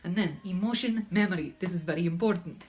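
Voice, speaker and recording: A woman doing a deadpan fake-Russian Baba Yaga. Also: lowish voice, fast, close to an everyday voice. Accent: put-on Russian. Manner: broken grammar, deadpan, matter-of-fact. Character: blunt Russian woman, gulag escapee, deadpan. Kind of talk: comedic skit interview.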